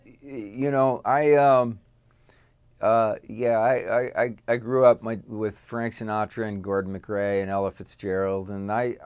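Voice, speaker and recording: A middle-aged actor chatting casually as an interview guest, with lots of fillers and restarts. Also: male voice, fairly low pitch, smooth, no room sound. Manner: halting, many fillers and restarts.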